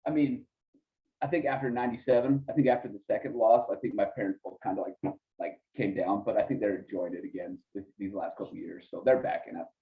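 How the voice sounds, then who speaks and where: A man guest on a podcast, telling stories in a lively, casual way. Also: on the low side, fast. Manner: animated storyteller, acts out voices in quotes. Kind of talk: casual storytelling. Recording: tinny phone-like line.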